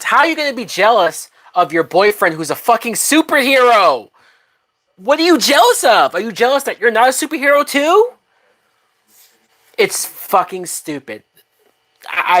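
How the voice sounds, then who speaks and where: A woman's voice: fairly low pitch, fairly bright tone. A woman hosting a live movie watch-along, talking bluntly with frequent swearing and laughter. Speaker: movie reaction host.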